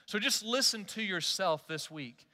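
A man in his forties, a pastor delivering an animated, conversational sermon and putting direct questions to his listeners. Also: high voice, measured pace, in a large hall.

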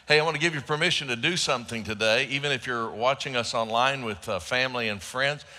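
Male pastor, mid-pitch, bright and forceful delivery, joking sermon style, live church hall reverb. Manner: joking with the congregation. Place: large church auditorium.

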